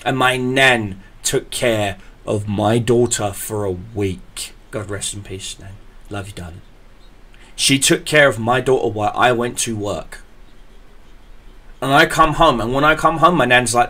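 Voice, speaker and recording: A man's voice: lowish voice, moderate pace, pushed and bright. Profane man telling a story. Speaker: podcast host. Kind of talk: casual podcast chat.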